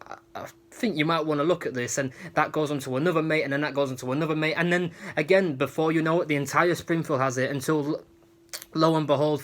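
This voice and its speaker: A man's voice: on the high side, fairly bright tone. A man giving a casual, rambling episode recap with many restarts. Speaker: episode reviewer.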